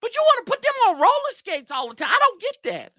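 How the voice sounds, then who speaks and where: A man's voice: very high voice, huge pitch swings, fast talker, sharp tone, dry recording, clean studio sound. A man hosting a casual sports show, ranting in a rambling, exasperated way with slangy asides to his viewers. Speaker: sports podcast host.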